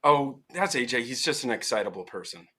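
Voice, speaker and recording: A man's voice: mid-range voice, animated, sharp tone. A man co-hosting a podcast, trading jokes and teasing banter in a casual chat. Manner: joking, teasing, drawn-out delivery. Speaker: podcast co-host.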